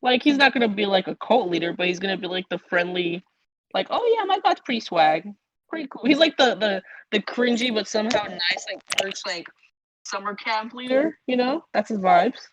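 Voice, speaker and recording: A woman's voice: medium pitch, normal speed, a crowd in the background, poor audio. A woman playing a tabletop game, chatting casually, teasing and full of slang. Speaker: player. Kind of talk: casual chat.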